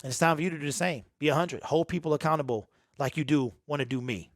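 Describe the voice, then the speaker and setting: Sports channel host, male, emotional and emphatic, repeats his points, pitched a touch high, dry and close. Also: fast, no echo. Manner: emphatic, repetitive, earnest and emotional. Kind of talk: raw unedited monologue to camera.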